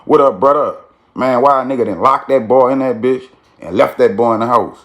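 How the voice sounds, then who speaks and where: A man's voice: medium pitch, fairly quick, a bit bright, dull audio. A man telling a street story in a casual, slangy way, with frequent "you feel me" tags.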